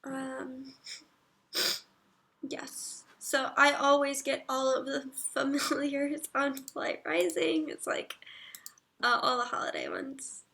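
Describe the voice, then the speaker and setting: Female streamer, high voice with vocal fry, unhurried casual chat, reads comments aloud. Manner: reads viewer comments aloud and murmurs soft asides. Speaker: livestreamer.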